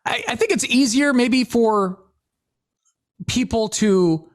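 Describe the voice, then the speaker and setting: A man co-hosting a casual podcast, his high voice swinging up and down. He laughs often and acts out quotes as he talks. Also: sing-song, slow pace. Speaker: podcast co-host. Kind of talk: casual chat.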